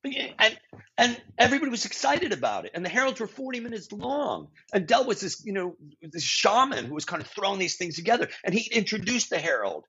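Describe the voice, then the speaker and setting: Husky-voiced man telling stories animatedly. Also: sits high, brisk. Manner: animated, frequent restarts and self-corrections; blunt, occasional swearing. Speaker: guest improviser and teacher. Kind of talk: storytelling interview talk. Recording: dull lo-fi audio.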